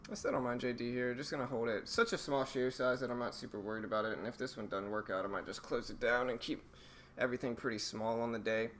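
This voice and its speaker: Hoarse man thinking aloud over trades. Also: medium pitch, slight background noise. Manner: thinking aloud, relaxed, halting. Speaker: stream host, day trader. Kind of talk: live trading commentary.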